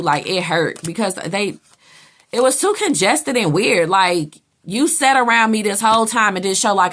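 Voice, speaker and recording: A woman's voice: mid-range voice, fairly bright tone. A woman giving a casual tarot reading, blunt and chatty, who swears freely and acts out what other people say. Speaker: tarot reader.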